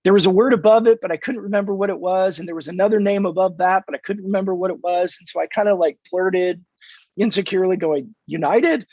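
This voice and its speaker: A man's voice: high voice, fast, no room sound. An American man from California in his fifties, a podcast guest telling stories in a casual interview and acting out the dialogue with energy. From California, USA. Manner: animated storyteller who acts out dialogue. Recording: dull, dry remote podcast audio.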